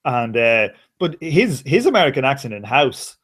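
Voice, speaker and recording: A man's voice: mid-range voice, very animated, moderate pace, a bit bright. Chatty Dublin Irish man. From Ireland. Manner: rambling, many restarts and fillers. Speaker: guest. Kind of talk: casual chat.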